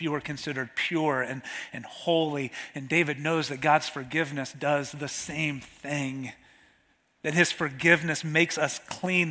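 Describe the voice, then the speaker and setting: A man delivers a sermon in a high, light voice. His preaching is easygoing and conversational, and he slows down to read scripture. The sound carries a long reverb, as if he is recorded in a large hall. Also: pushed and bright. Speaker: pastor.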